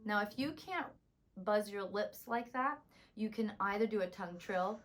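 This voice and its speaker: Hoarse woman voice teacher, tired voice. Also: moderate pace. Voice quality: slight rumble in speaking voice. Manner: calm, instructive, demonstrating exercises. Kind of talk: vocal warm-up lesson.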